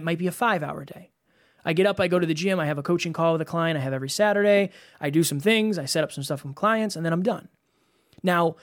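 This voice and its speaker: Reflective male podcast co-host. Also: sits high. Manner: reflective, asks himself questions and answers them. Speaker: podcast co-host and business coach. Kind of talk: casual podcast talk.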